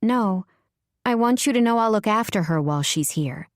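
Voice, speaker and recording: A woman's voice: mid-range voice, animated, normal speed, no echo, clean studio sound, pitched above the performer's own voice, lightly acted. A woman narrator voicing a young aunt who speaks firmly and protectively to her family. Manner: firm, protective. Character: peacekeeping aunt, young woman, firm when pushed.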